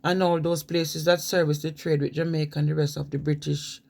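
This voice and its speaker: A woman's voice: low-pitched, little pitch movement, brisk, gravelly, a little mellow. A woman reading a prepared talk aloud, breaking off into emphatic asides to her viewers. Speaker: vlogger.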